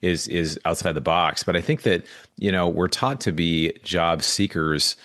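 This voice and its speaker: A man's voice: low-pitched, measured pace, fairly bright tone, no echo, studio quality. A man in his forties, a podcast guest, speaking earnestly and reflectively. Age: 40s. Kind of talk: casual interview chat.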